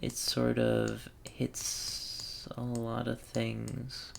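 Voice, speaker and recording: A man's voice: mid-range voice, monotone, drawn-out words, gravelly, a little hiss or hum. A man thinking aloud in wry self-talk while commentating a puzzle game. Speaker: let's play gamer.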